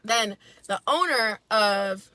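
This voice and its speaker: A young woman in her twenties from the United States, a podcast guest telling a story in a casual, animated, profane and heated way. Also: medium pitch, slow, no echo. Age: 20s.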